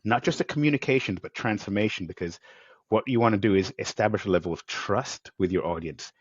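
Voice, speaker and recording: Deep-voiced male podcast host. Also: a little fast, husky, dry recording, highs cut off. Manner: enthusiastic, rambling, acts out quotes. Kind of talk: conversational interview.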